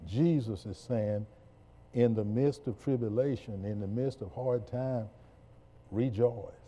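A man's voice: mid-range voice, takes it slowly, warm tone. A man preaching a sermon, leading the congregation in call-and-response.

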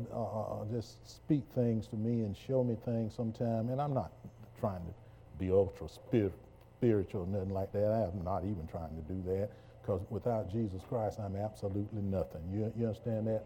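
A man's voice: on the low side, fairly even intonation, normal speed, mellow, slight background noise. A man preaching a sermon, leading the congregation in call-and-response.

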